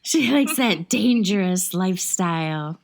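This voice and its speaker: A middle-aged woman hosting a podcast, chatty and quick to laugh in casual conversation. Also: fairly low pitch, lively intonation, vocal fry. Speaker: podcast host. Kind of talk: casual chat.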